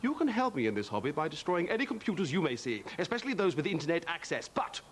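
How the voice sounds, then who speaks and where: A man's voice: fairly high pitch, big pitch swings, fast, a little hiss or hum. A man playing a pompous, self-important adult male hobby obsessive in a sketch comedy monologue.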